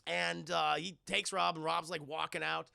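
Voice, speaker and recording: A man with a gravelly, crackling voice, pitched high for a man, recaps a film for his live chat. He is loose and profane and keeps jumping into the characters' lines. The sound is dry and close, with no room around it. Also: no room sound. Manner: animated, profane, acts out characters' lines in quick bursts. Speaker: live streamer reviewing films. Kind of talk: casual spoiler recap on a live stream, addressing chat.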